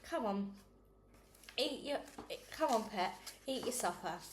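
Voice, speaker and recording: A woman reading aloud a storybook and voicing a gentle, anxious mother who coaxes and soothes her daughter with forced cheer. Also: a little high, lively intonation, slow pace, slight background noise. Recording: roomy echo.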